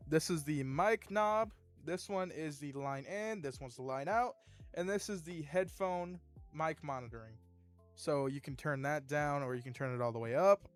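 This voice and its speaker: A man's voice: a little high, moderate pace, soft background music. A young man hosting his own channel, chatting casually through an upbeat product review. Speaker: gear reviewer, channel host.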